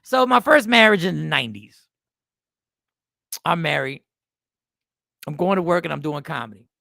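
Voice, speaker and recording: A man's voice: on the high side, animated, normal speed, gravelly, sharp tone, no echo. A man in his fifties, a comedian and host, telling a rambling, self-mocking story in a casual style.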